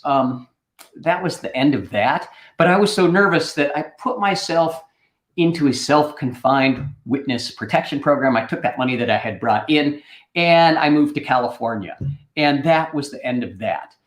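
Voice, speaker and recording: A middle-aged man spins a casual anecdote on a livestream and keeps tossing in "right?" as he goes. His voice sits a little high. The room around him rings noticeably. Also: normal speed, echoey room. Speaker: host.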